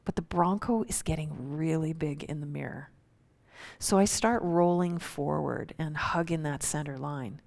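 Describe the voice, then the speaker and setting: Woman, storyteller, low voice, gravelly, suspenseful, conversational. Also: unhurried, darkish tone. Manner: vivid, suspenseful, conversational narration. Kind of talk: first-person storytelling.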